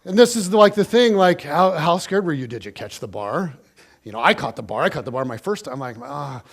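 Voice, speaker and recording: A pastor preaching a sermon, telling a personal story in an animated, conversational way and speaking directly to his congregation. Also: fairly high pitch, brisk.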